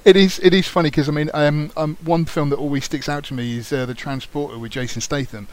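A man's voice: on the high side, fairly even intonation, a little fast. A man hosting an interview, asking questions casually and laughing along. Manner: friendly, laughs often, repeats words when starting. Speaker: interviewer, host.

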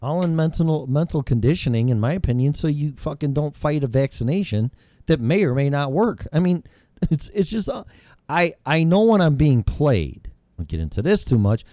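A man's voice: fairly high pitch, very animated, moderate pace, dark tone, no room sound. A middle-aged man hosting his own show, delivering a heated, rambling monologue full of profanity. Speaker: show host. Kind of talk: ranting monologue.

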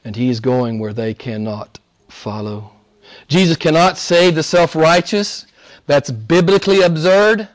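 A man with a fairly high voice delivers a sermon. He preaches emphatically but conversationally, with rising, insistent phrases that alternate with quieter, lower asides. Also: unhurried. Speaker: pastor.

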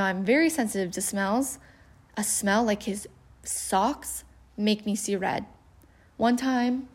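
A woman with a slightly high voice gives casual advice in a candid, conversational way. She laughs at her own faults and lays out her points as simple steps and checklist questions. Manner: candid, self-deprecating, conversational.

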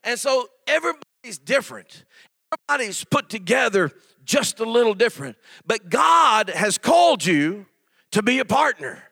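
A middle-aged preacher man with a high, gravelly voice preaches in a folksy, storytelling way. He talks with bright, forceful energy and keeps asking the crowd for amens. The sound is close and dry. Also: big pitch swings, normal speed, no echo. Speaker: guest preacher. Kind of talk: sermon.

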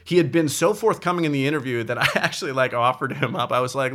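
A man who hosts a web interview show, chatting casually on a podcast, excitable and quick to laugh as he acts out quotes. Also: medium pitch.

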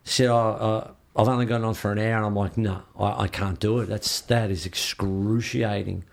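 A man's voice: on the low side, moderate pace, vocal fry. A man in an interview, casually telling a story and acting out what others said to him. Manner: lively, acts out what others said. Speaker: interview guest.

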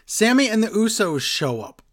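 A man casually recapping a wrestling show, sarcastic and animated, reading from his notes. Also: high voice, moderate pace. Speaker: podcast host recapping wrestling. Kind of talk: casual chat.

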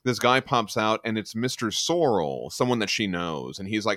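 A man's voice: lowish voice, moderate pace, no echo, studio quality. A man casually chatting about a comic book, retelling scenes and acting out the characters' lines. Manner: animated, retells the story and acts out lines. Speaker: comic book podcast co-host. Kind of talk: casual chat.

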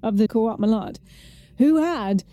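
A woman's voice: a little high, lively intonation, normal speed, mellow. A woman co-host joining the chat playfully, teasing and giggling as she talks. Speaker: podcast co-host. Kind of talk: casual chat.

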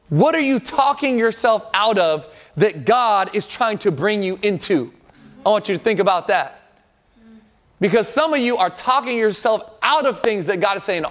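A man's voice: sits high, animated, normal speed, a bit bright. A man around forty preaching a sermon as a pastor, earnest and emphatic, repeating phrases for effect.

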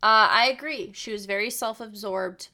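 A woman's voice: mid-range voice, moderate pace. A woman co-hosting a casual chat, rambling and swearing as she tells stories. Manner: rambling, profane, animated storytelling.

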